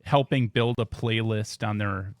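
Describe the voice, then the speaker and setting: A man's voice: fairly low pitch, steady tone, a little slow, no echo, clean studio sound. A man hosting a podcast, asking a question hesitantly with many ums and uhs. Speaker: podcast host. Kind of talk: casual interview chat.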